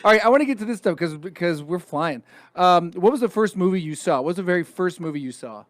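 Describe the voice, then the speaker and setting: A man's voice: sits high, expressive, fast, no echo. A man in his thirties hosting a casual podcast interview, full of joking, profane banter. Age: 30s. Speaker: podcast host.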